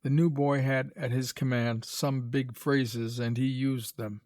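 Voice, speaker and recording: A man's voice: mid-range voice, dry recording, studio quality. Man narrating a graded reader story. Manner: measured, even storytelling.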